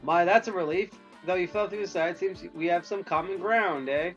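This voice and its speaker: A man's voice: high voice, moderate pace, a bit bright, lo-fi sound, soft background music. A man voicing an eccentric, polite male Pokemon professor in a theatrical put-on accent.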